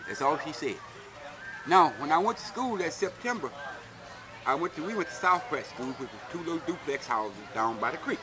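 A crowd fills the background as an older man from Alabama, the interviewee, tells homespun stories about growing up, repeatedly asking "see?" His fairly high voice is expressive and his speed is normal.

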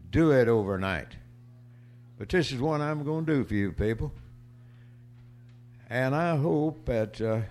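A man on stage introduces a poem of his own and then recites it. He speaks slowly and deliberately, with a steady voice of medium pitch. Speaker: cowboy poet performing. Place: stage before a small audience.

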